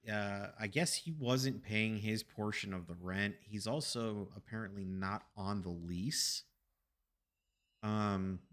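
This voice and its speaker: Lowish man telling a rambling story. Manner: rambling, animated anecdote with restarts and casual swearing. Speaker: streamer. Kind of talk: casual storytelling chat. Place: home apartment.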